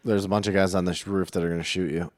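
A man with a somewhat low voice talks through an improvised crime game. He stays deadpan and brash, treating absurd violence as ordinary. The recording is dry and close, with no room sound. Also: fast, dry recording. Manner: deadpan and brash, describing violent moves matter-of-factly. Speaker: player in an improvised heist game. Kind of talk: casual improvised comedy.

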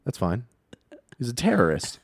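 A man's voice: mid-range voice, huge pitch swings, normal speed, creaky, breathy edge, no room sound, studio quality. A man chatting casually as a podcast guest, joking and defending his bits. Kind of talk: casual comedy chat.

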